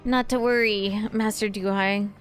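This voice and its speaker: A woman's voice: medium pitch, fairly even intonation, unhurried, faint music behind, natural voice. A woman reading the part of a devoted male assassin disciple in a game, solemn and dutiful.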